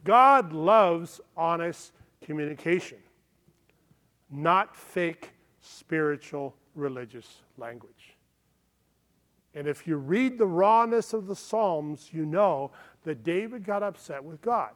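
A man's voice: a little high, lively intonation, takes it slowly, a bit bright. A man pastor preaching a sermon in an earnest manner, often checking in with his listeners. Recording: long hall reverb.

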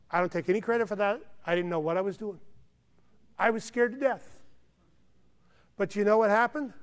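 A man's voice: high voice, clear, resonant tone. A man preaching a sermon as pastor, earnest and emphatic, often tossing in "okay" asides. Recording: long hall reverb.

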